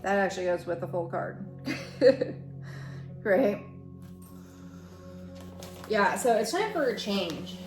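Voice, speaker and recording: Middle-aged woman, tarot reader, slow and blunt, roomy sound. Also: medium pitch, lively intonation. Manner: frank, swears freely, thinks aloud while searching. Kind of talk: casual intuitive tarot reading. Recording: roomy echo with soft music behind.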